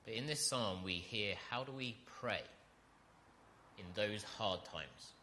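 A man preaching a sermon, earnest and direct, asking his listeners questions and building to loud, emphatic peaks. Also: lowish voice, slow, a little hiss or hum. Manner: asks the congregation rhetorical questions.

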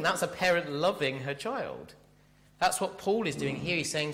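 A man preaching a sermon, animated and speaking directly to his congregation in a church. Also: on the high side, normal speed, in a large hall. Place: church hall.

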